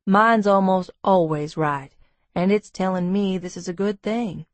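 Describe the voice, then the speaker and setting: Brief: calm, self-assured male love interest read by a woman, mid-pitched and low-key, dry booth sound. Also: a little slow, no echo, natural voice. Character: charming confident adult male lover, calm and teasing.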